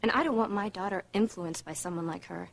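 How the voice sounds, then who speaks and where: A husky, defiant young mother. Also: on the low side, fast talker. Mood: bitter. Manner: defiant, bitter. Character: bitter young mother shielding her baby. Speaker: soap opera character, new mother. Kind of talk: daytime soap opera acting.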